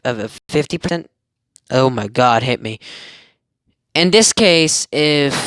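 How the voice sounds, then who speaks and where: A man's voice: fairly high pitch, pushed and bright, smooth, dry recording, studio quality. A young man casually retelling a fan story, rambling, giggling and correcting himself as he goes. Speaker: amateur storyteller.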